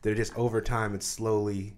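A man's voice: on the low side, little pitch movement, a little fast. A man hosting a casual interview, playful and teasing, often laughing. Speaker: podcast host.

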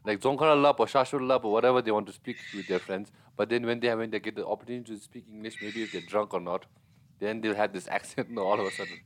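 A man's voice: lowish voice, fast talker, slight background noise. A man hosting a casual chat, asking curious, teasing questions. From Bhutan.

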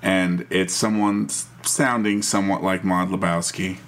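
A man co-hosting a casual chat, with halting speech and dry asides. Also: low voice, little pitch movement. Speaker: podcast co-host.

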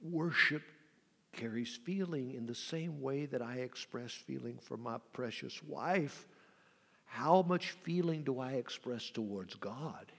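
A man preaching a sermon as pastor, swinging between loud cries and soft whispers, with a gravelly voice. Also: medium pitch, animated, slow, in a large hall.

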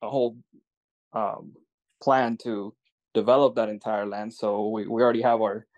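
A man's voice: lowish voice, flat delivery, normal speed, darkish tone, muffled recording. Rambling man telling a land deal story. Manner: rambling, restarts often. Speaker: land investor. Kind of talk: casual storytelling on a call.

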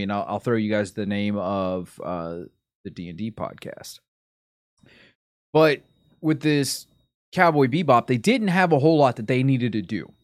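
A man chatting casually on a stream in a middle-pitched voice. He rambles, breaks off mid-sentence and wanders onto side topics. The sound is dry and close, with no room echo. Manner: rambling, sidetracked, self-interrupting. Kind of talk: casual chat.

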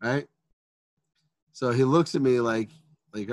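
A man in his thirties co-hosting a casual podcast, telling a story at a slow, unhurried pace. He acts out the things he said and sometimes bursts into shouting. His voice sits at an ordinary pitch and sounds dry and close to the mic. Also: no echo. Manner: animated, acts out quotes with sudden shouting. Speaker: podcast co-host.

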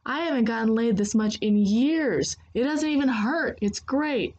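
A woman's voice: fairly high pitch, measured pace, a little mellow, dull audio, voice pushed up. A woman voicing a cheerful, smug man who teases with amusement. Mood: teasing. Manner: amused, teasing.

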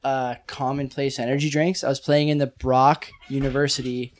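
A man's voice: mid-range voice, little pitch movement, moderate pace. A man in his thirties chatting casually with friends, joking and rambling through a story with some swearing. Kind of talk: casual chat.

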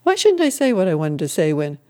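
Brief: scornful gossiping sister, sure of herself, voiced by the reader, dark tone. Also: medium pitch, huge pitch swings, fairly quick.

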